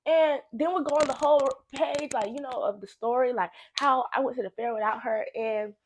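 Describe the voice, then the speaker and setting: A young woman with a high, bright voice tells a storytime to her camera in a blunt, animated way. She swears freely and hammers her points home by repeating herself. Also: brisk. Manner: animated, blunt and heavily profane, with laughing asides; repeats phrases for emphasis. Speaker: storytime vlogger. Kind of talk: casual storytime monologue.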